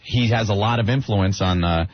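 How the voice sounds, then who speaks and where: A man hosting a radio show, chatting casually and animatedly about films and laughing often. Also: lowish voice. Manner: animated, laughing, quick to do voices. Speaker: radio host. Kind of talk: casual talk-radio chat. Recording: muffled radio broadcast.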